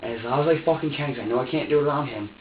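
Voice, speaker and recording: A man's voice: mid-range voice, rapid-fire, a little hiss or hum. A man being questioned by police, talking in an agitated, rambling, profane way. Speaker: interrogation suspect. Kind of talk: police interrogation. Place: police interview room. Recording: echoey, distant, muffled interview room recording.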